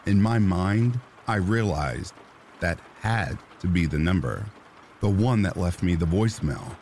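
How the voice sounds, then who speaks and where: Slow, deep-voiced horror narrator. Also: male voice, a little mellow, slight background noise. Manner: slow, somber storytelling. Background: rain sounds.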